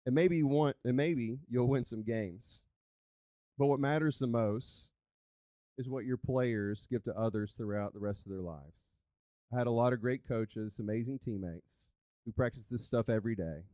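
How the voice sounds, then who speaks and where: A man's voice: medium pitch, moderate pace, no room sound. Chatty man telling a story. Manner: animated, conversational, chatty with "like" fillers. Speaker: storyteller and coach. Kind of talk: live storytelling. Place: live event on stage. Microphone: handheld microphone.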